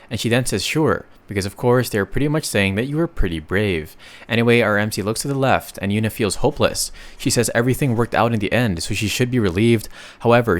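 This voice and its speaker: Chatty man narrating a comic recap. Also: mid-range voice. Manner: chatty, reads dialogue aloud with asides.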